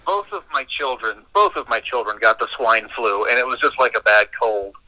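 A middle-aged man joining a podcast as a guest, talking casually in a measured, reminiscing way. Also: mid-range voice, bright, forceful tone, poor audio. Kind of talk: casual chat.

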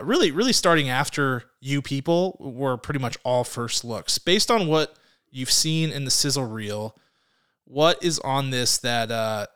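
A man's voice: mid-range voice, a bit bright, smooth. A man co-hosting a casual film podcast, rambling, often laughing and searching for words. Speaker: podcast co-host.

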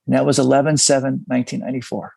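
This is a middle-aged man with a deeply gravelly, husky voice. He speaks in a dry, close sound. He tells his story in a halting, confessional way and briefly takes on the voices of the people in it. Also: level tone, mellow, no room sound. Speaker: guest. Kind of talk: candid personal storytelling in a conversation.

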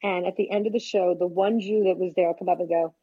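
A woman's voice: on the low side, steady tone, fast, mellow, breathy edge. An older woman stand-up comic trading brash stories and punchlines in a casual interview. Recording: dull lo-fi sound.

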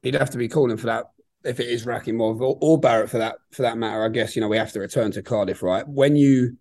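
A man's voice: mid-range voice, darkish tone, no room sound. A man hosting a podcast, asking friendly, casual questions of a boxer. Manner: quick, friendly questioning, calls people mate. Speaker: podcast host, interviewer. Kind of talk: casual interview chat.

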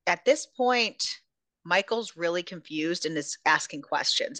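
A woman's voice: lowish voice, bright, forceful tone, no echo. A woman hosting a podcast, casually recapping a novel's plot, swearing freely and retelling scenes. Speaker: podcast host. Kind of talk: casual book recap chat.

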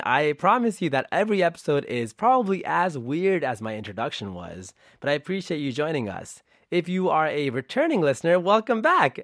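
A man giving a casual podcast introduction as host, upbeat and playful, his voice jumping up and then dropping quiet. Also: mid-range voice, dry recording, clean studio sound. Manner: upbeat and playful, with swings in loudness.

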